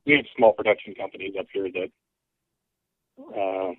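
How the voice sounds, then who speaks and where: Calling in over a phone line, a man from Alaska chats as a podcast guest in an easygoing, hesitant way, with lots of ums. His voice is deep with a breathy edge, at normal speed, and has no echo.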